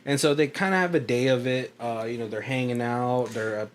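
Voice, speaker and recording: A man's voice: medium pitch, fairly even intonation, fairly quick, a little hiss or hum. A man co-hosting a casual movie commentary podcast, rambling through the plot, laughing often and acting out characters' lines. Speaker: podcast co-host.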